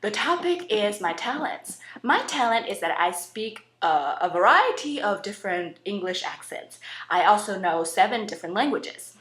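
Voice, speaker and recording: A young woman hosting a playful comedic audition, chatty and animated. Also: medium pitch, normal speed, hardly any pauses. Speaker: host audition contestant. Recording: roomy echo.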